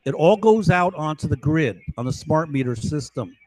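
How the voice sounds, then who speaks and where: A man's voice: fairly high pitch, lively intonation, moderate pace, darkish tone, no room sound, poor audio. A man at home talking into a microphone in a rambling, agitated live monologue, swearing and repeatedly checking in with "right?" and "okay?". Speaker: livestreamer. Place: at home, indoors.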